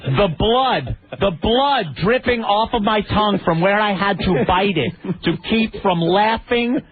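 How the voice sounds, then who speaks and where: On a radio talk show, a male co-host with a high-pitched voice tells a story at an unhurried pace. He's animated and acts out the people in it. The audio sounds tinny and phone-like.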